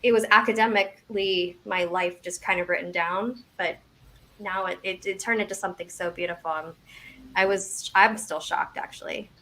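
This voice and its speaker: A woman's voice: mid-range voice, fairly even intonation, moderate pace, pushed and bright, a little hiss or hum. A woman around forty, guesting on an interview as a memoir author, talking casually with lots of restarts and self-deprecating asides.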